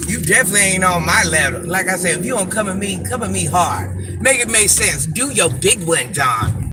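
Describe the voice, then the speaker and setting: A woman's voice: fairly low pitch, animated, normal speed, noisy background. An older woman, a social media personality, scolding commenters in a sassy, confrontational live rant, repeating her insults for emphasis.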